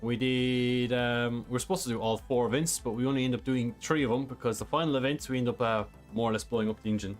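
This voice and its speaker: A man's voice: mid-range voice, fairly even intonation, quick pace, hardly any pauses, soft background music. A man streaming a driving game, reading chat questions and explaining a track in a casual, rambling way. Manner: casual, rambling, many fillers. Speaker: sim racing streamer.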